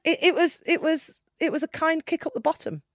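A woman, a podcast guest telling candid stories in a lively way, laughing often and acting out the voices she quotes. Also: sits high, brisk, no echo, studio quality. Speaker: podcast guest, keynote speaker. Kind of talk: candid conversational storytelling.

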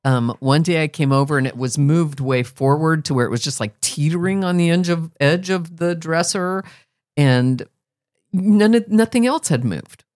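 A middle-aged woman hosting a podcast, chatting casually and telling a story with lively rises in her voice. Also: low voice, normal speed, no room sound, clean studio sound. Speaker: podcast host. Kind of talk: casual chat.

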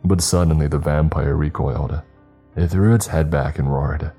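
A man narrating a horror story in a slow, grave, measured way. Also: very deep voice, fairly even intonation, dark tone, breathy edge, soft background music.

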